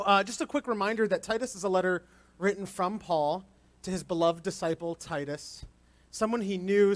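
High-voiced man preaching conversationally. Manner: conversational, candid, gentle. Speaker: guest preacher. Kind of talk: sermon. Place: outdoor service.

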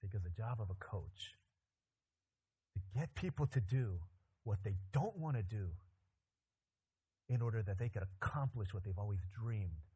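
A pastor preaching a sermon, animated and joking, with loud emphatic climbs in his voice. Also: fairly low pitch, normal speed, long pauses, husky.

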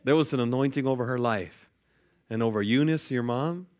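A man's voice: mid-range voice, brisk. A man preaching a sermon, telling a personal story with playful jokes to the congregation. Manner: lively, jokey asides to the congregation. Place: church sanctuary.

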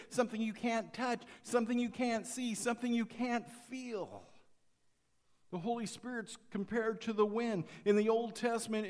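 Man preaching, fairly high voice, swings between quiet and emphatic, long hall reverb. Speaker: pastor. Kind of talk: sermon.

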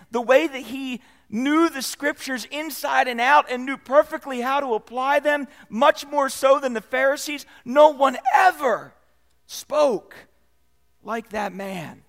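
A man with a high voice preaching a sermon. He leans into key phrases, then drops his voice low and quiet to let them land. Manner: expressive preaching, swells and drops in volume for emphasis. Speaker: pastor.

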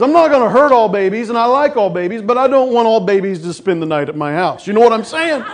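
The same kind of sermon comes at a quick pace here: a middle-aged male pastor with a high voice, animatedly telling stories and acting out characters' voices.

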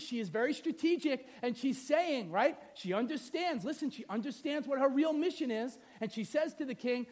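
High-voiced man preaching a sermon. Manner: animated, conversational, asks the audience rhetorical questions. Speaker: pastor.

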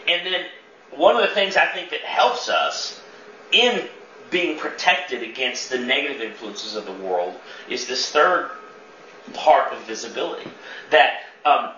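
A man's voice: a little high, pushed and bright, a little hiss or hum. A man leading a church teaching session, talking conversationally, quizzing the room and repeating words as he thinks. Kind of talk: interactive teaching talk. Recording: echoey dull room sound from far off.

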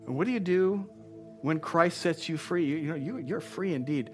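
A man preaching a sermon to a congregation as pastor, impassioned, repeating phrases and building to loud exclamations. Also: on the high side, moderate pace, soft background music. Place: church before a congregation.

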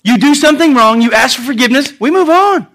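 A man preaching a sermon as pastor, animated, swinging between loud and soft, acting out quotes. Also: extremely high pitch, quick pace.

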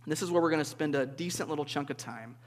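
A man preaching to a group in a relaxed, conversational way, often checking in with "okay?" and asking the listeners questions. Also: a little high, quick pace. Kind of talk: interactive sermon. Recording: reverberant hall.

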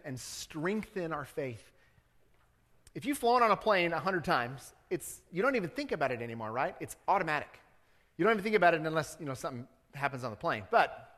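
A man's voice: a little high, a bit bright. Conversational male pastor in a reverberant church. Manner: conversational preaching, rising to fervent appeals. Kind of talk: sermon. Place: church sanctuary.

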